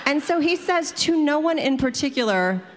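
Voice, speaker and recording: A woman's voice: high-pitched, lively intonation, moderate pace, big-room sound, slight background noise. A woman telling a personal story to an audience in a chatty way, filling it with "like" and acting out the people in it.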